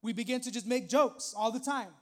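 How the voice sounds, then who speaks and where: A man's voice: very high-pitched, fairly quick. A male pastor preaching a sermon in a conversational way, with frequent asides to the congregation.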